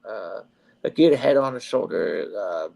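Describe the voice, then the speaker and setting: A man's voice: fairly low pitch, lively intonation, moderate pace, creaky, over a noisy crowd. A man who is a podcast guest, talking in easygoing casual chat and stammering through repeats and fillers.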